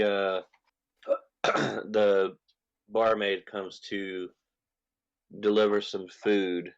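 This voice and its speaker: A man playing in a tabletop game, speaking slowly and deliberately about what he wants to try. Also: deep voice, clear, resonant tone. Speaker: player. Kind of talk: casual tabletop play. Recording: dull lo-fi mic.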